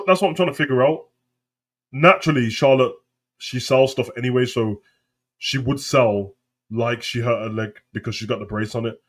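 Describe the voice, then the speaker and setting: A young British man with London street slang, ranting casually on a live wrestling stream and breaking into loud high outbursts. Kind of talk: live stream reaction chat.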